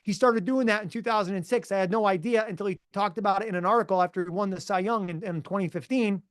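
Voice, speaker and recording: A man's voice: high voice, fast talker, no echo, clean studio sound. A middle-aged man who works as a mental performance coach, telling stories in a casual interview with emphatic, motivational energy.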